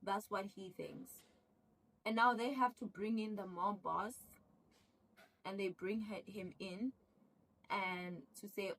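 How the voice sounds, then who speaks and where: A woman vlogger recapping a TV series in casual chat with viewers, excitable, often repeating herself and stumbling over words. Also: medium pitch, takes it slowly, pauses often, distant mic, low-quality recording.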